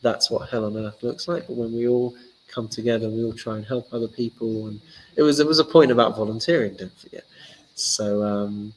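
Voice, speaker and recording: A man, a rabbi giving a casual teaching talk and telling stories lively, acting out the characters. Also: medium pitch, a little fast, a little hiss or hum, poor audio.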